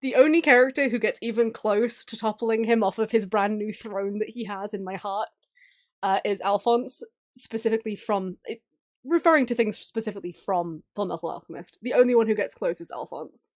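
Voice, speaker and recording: A woman's voice: medium pitch, brisk. A woman streamer chatting casually while drawing, gushing and giggling often. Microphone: streaming mic.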